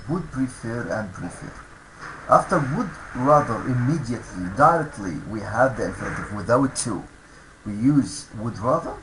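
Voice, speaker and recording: The low-quality recording, with slight background noise, captures a mid-range, fairly bright male voice. An Egyptian teacher, he slowly says each English vocabulary word twice for schoolchildren and explains its meaning.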